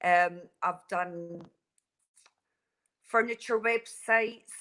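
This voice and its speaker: A woman's voice: on the low side, fairly even intonation, extremely slow, a bit bright, rough recording. A Scottish woman in her forties, chatting as a guest over a mobile phone and laughing easily. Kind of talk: casual call-in chat. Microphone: mobile phone over wireless.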